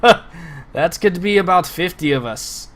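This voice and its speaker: A man voicing a gruff male dwarf gate guard who speaks in blunt, curt questions during a tabletop game. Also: high-pitched, animated, moderate pace, a bit bright, voice pushed up.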